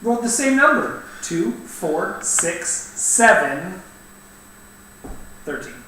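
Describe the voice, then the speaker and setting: A man playing in a tabletop game, excitable and laughing, talking casually. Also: high-pitched, takes it slowly. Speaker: player. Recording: very echoey, distant, noisy.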